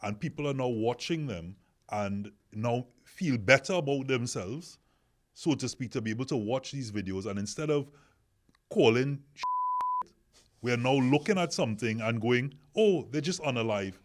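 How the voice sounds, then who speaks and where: A man's voice: mid-range voice, animated, moderate pace. A man hosting a podcast discussion, asking questions and pressing his point with repeated words. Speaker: podcast host. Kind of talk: casual discussion.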